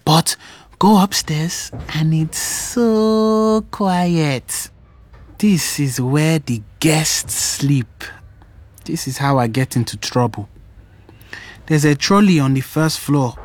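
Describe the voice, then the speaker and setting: A woman narrating a story in the first person, hushed and wondering. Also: low-pitched, expressive, a little slow, breathy edge.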